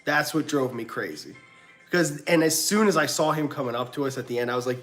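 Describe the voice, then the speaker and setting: Animated man ranting on a livestream. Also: brisk, faint music behind. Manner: animated, acts out quotes with big pitch jumps and laughs. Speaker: livestream host. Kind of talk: casual storytelling rant.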